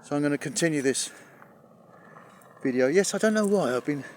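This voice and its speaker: A man's voice: a little high, animated, a little fast, slight background noise. A middle-aged man vlogging casually outdoors as he walks up a hill, rambling with dry humour and somewhat out of breath. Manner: rambling, chatty, dry humour, swears mildly. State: out of breath from climbing. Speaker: travel vlogger. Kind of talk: casual walking vlog. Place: outdoors on a hillside near water.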